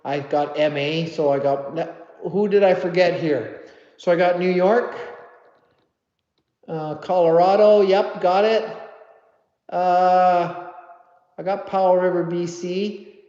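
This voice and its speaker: A man's voice: high-pitched, steady tone, slow pace, pauses often, mellow. A man hosting a casual live stream, chatting with viewers, reading their comments aloud and joking about his own memory. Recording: dull, roomy audio with long reverb.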